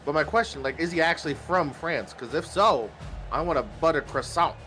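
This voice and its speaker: This is a man cracking jokes on a wrestling commentary team. His voice sits somewhat high. His intonation is animated and jumps around a lot. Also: brisk, soft background music. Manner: jokey, loose banter.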